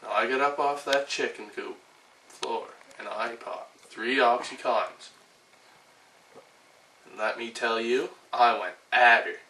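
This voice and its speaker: Brief: man impersonating a profane, bragging chicken catcher, rough rant, roomy echo with faint background hum. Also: mid-range voice, slow, pushed and bright. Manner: profane ranting storytelling. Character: foul-mouthed rough male chicken catcher, boastful. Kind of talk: recited monologue impression. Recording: roomy, distant, faint ambient noise.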